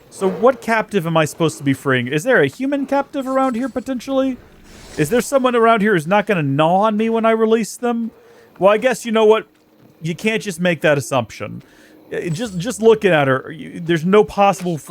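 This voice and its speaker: A man giving chatty let's play commentary in a fairly high voice. His pitch swings widely as he jokes and mocks himself while he plays. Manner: chatty, joking, self-mocking. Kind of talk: gameplay commentary.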